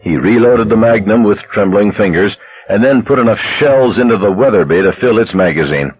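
Low husky guy reading a novel aloud, steady pace, muffled lo-fi sound. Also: a little fast. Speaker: narrator. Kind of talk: audiobook narration. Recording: dull lo-fi recording.

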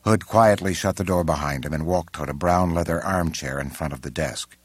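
A man narrating an audiobook in a measured, unhurried way, recorded close on a studio mic. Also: deep voice, dry recording. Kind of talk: scripted narration.

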